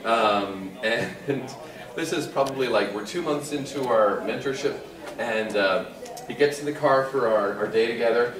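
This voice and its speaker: A man's voice: medium pitch, measured pace. A middle-aged man tells a rambling, chuckling anecdote to a convention crowd. His voice is caught from a distance in an echoing hall, with the audience audible behind him. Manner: chuckling, rambling storyteller with frequent restarts. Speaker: guest voice actor on a convention panel. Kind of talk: casual anecdote told to an audience. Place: convention panel room. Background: audience murmur and laughter.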